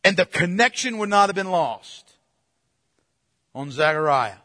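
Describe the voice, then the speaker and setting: A man's voice: sits high, expressive, a little slow, long pauses, sharp tone. A man preaching a sermon to a congregation, emphatic and full of rhetorical questions. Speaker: pastor. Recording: long hall reverb.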